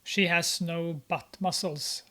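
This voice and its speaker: High-voiced, slow-talking sarcastic male reviewer. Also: steady tone, sharp tone. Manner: mocking, sarcastic remarks with many fillers. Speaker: movie reviewer. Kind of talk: casual movie commentary.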